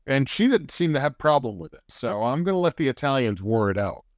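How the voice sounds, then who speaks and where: A man with a mid-range voice trades dry, teasing jabs with his co-host in easy podcast banter. He draws his stories out with a deadpan edge. The sound is close and dry, with no room around it. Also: mid-range voice, fast talker, no room sound. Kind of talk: casual comedic banter.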